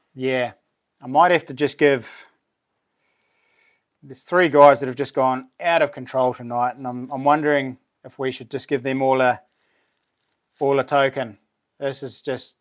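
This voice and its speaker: A man hosting a casual livestream chat, laughing often and reacting excitedly to viewers. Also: mid-range voice. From New Zealand. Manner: chatty, laughs often, exclaims. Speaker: livestream host.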